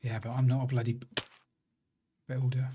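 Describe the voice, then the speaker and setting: A man's voice: medium pitch, little pitch movement, normal speed, background noise. Chatty man streaming a game. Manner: chatty, self-deprecating banter. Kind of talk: casual live-stream commentary while gaming.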